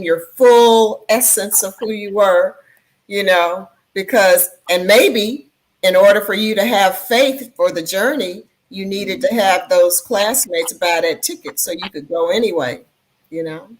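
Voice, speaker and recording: A woman's voice: medium pitch, measured pace, poor audio. A woman vocalist on a video call, thinking aloud in a reflective way. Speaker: guest vocalist. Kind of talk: casual chat.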